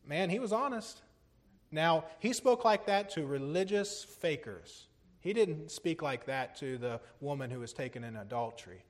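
A middle-aged man preaching, his voice sitting a bit higher than most men's. He presses his points with urgency, then drops low and quiet to let them land, and now and then laughs at himself. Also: big pitch swings, a little slow. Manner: earnest, swinging from urgent and loud to low and hushed; self-deprecating humor with small laughs. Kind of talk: sermon.

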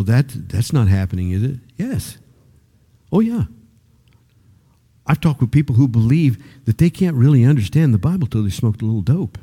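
Older preacher with a mellow voice. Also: male voice, breathy edge. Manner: conversational preaching that rises to emphatic high-pitched peaks; repeats words when starting sentences. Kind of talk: sermon.

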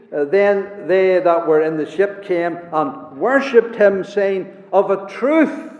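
A man's voice: a little high, a little mellow. A man preaching a sermon, emphatic and repeating his key words for weight. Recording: echoey hall, dull lo-fi sound.

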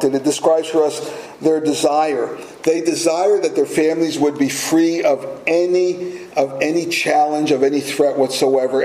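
A man preaches emphatically, throwing out rhetorical questions as pastor. His voice sits a little high yet sounds mellow and relaxed. The roomy echo of a church and a faint hum of ambience hang around him. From United States. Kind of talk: sermon.

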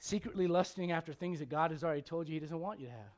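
A male pastor preaching a blunt, confrontational sermon, swinging from loud outbursts to hushed intensity. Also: a little high, rapid-fire.

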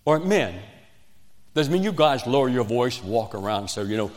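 A man's voice: mid-range voice, sing-song, normal speed, a little mellow. A man from West Virginia preaching a fervent sermon, speaking straight to his congregation and building to emphatic peaks. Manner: addresses the congregation directly. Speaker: pastor. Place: church sanctuary. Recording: echoey church hall reverb.

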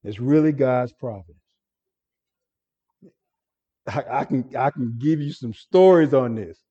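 A man's voice: mid-range voice, normal speed, warm tone, husky, highs cut off. A man preaching an expository sermon as pastor, earnest and stumbling over repeated words as he explains a passage.

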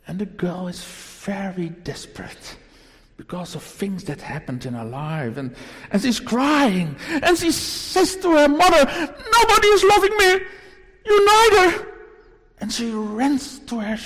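A man's voice: high voice, big-room sound. A man preaching a sermon to a congregation, emphatic and full of rhetorical questions. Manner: slow, deliberate delivery with sudden rises. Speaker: pastor. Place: church.

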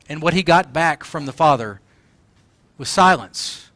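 A man's voice: sits high, normal speed, sharp tone, dry recording. A man preaching a sermon, passionate and emphatic, at times crying out the words he quotes. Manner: impassioned, crying out quoted lines. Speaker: pastor.

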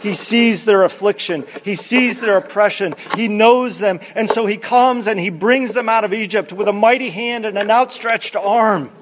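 A pastor preaching a sermon in an emphatic, measured way, halting with fillers when he steps aside from his main point. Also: sits high, slight background noise.

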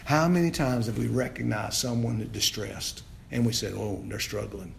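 A man preaching an expository sermon as pastor, asking the congregation questions, repeating phrases and rising to loud, emphatic peaks. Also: mid-range voice, expressive, moderate pace, vocal fry, a little hiss or hum.

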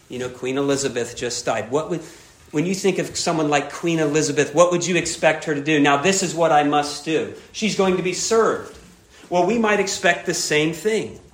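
A man preaching a sermon, emphatic, repeating key phrases and dropping soft on grave points. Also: on the high side, roomy sound. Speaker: pastor.

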